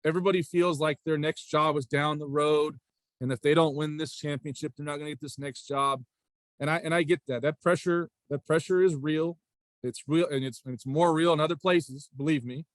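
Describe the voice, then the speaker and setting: A man in his forties, a high school basketball coach and athletic director, telling stories in a casual interview with a rambling manner, often circling back with "again" and "right?". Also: fairly even intonation, normal speed, no room sound. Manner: rambling, repeats "again" and "right?", frequent restarts.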